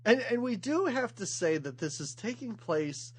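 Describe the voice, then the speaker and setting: A podcast co-host chatting casually about a movie, joking and animated. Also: mid-range voice, husky. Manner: joking, animated, quick to laugh.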